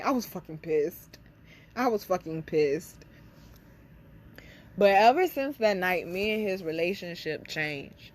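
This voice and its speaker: A young woman hosting her own channel, telling a personal story to camera in a blunt, candid way, swearing freely and talking straight to her listeners. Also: medium pitch. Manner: blunt, profane, speaks directly to listeners as y'all. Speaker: spiritual reader and channel host.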